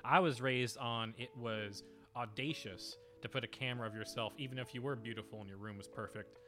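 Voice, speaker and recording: A man's voice: mid-range voice, fairly quick, over music. A man co-hosting a podcast in casual chat. He speaks emphatically and wanders off into strong opinions. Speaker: podcast co-host.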